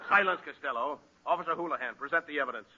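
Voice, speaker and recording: Actor as a stern, pompous judge, raised voice; old radio, noisy and muffled. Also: male voice, on the high side, rapid-fire, natural voice. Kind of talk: 1940s radio comedy acting.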